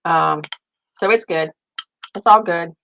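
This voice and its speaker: A woman's voice: on the low side, slow, gravelly, a bit bright, slight background noise. An older woman hosting a casual live stream, rambling and thinking aloud as she chats. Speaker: host.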